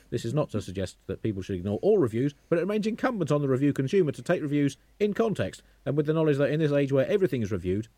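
Man, deadpan comic essayist, quick and mellow, lively delivery. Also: mid-range voice, dry recording. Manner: pompous, wordy, deadpan. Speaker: guest comedian. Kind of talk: mock-serious comic essay.

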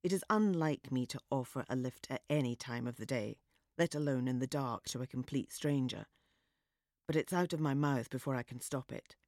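A woman narrating a story in a measured, wry and understated way. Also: a bass voice, a little mellow, no echo, clean studio sound. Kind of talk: audiobook narration.

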